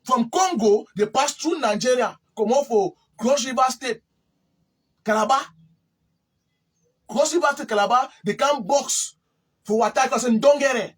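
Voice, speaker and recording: A man's voice: extremely high pitch, measured pace, long pauses, a bit bright, breathy edge. A man from Cameroon with a Cameroonian Pidgin English accent, giving a rambling spoken account of history and repeating words as he searches for them. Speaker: interviewee.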